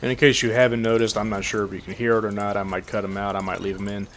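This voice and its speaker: Low-voiced man doing relaxed gameplay commentary, faint room hum behind. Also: racing.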